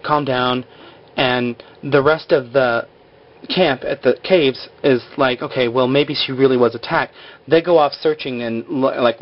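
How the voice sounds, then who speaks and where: A man casually recapping a TV episode in a rambling way, full of fillers, on a slightly dull lo-fi recording. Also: medium pitch. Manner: rambling, full of "like" and "you know".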